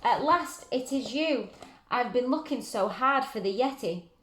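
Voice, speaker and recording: A woman's voice: fairly high pitch, expressive, unhurried. A woman voicing an eager young boy who exclaims cheerfully. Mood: excited. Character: excited young boy on a quest. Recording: roomy echo.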